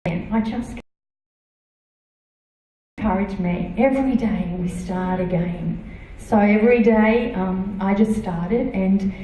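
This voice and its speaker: A middle-aged woman shares her personal testimony from a church stage. Her voice is mellow and dark, picked up from some distance so it sounds thin against the hall. A heavy echo fills the large room around her, and she talks haltingly, with many fillers and restarts. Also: medium pitch, a little hiss or hum. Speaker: church member giving testimony. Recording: echoey hall, voice from far off.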